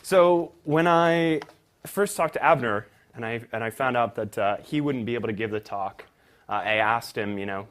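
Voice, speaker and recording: A man's voice: mid-range voice, normal speed, a bit bright. A young man, giving a conference talk about his startup in a self-deprecating way, full of ums and restarts. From Texas. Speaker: startup presenter.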